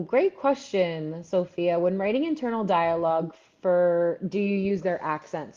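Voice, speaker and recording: A woman's voice: on the low side, mellow. A woman from Philadelphia coaching writers in a live stream Q&A, chatty and full of fillers as she answers viewers. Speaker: writing coach. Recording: dull lo-fi livestream audio.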